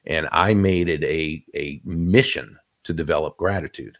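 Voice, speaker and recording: A man's voice: extremely low pitch, measured pace. A man interviewed as a guest, giving reflective advice in a conversational way, often restarting his phrases. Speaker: guest author.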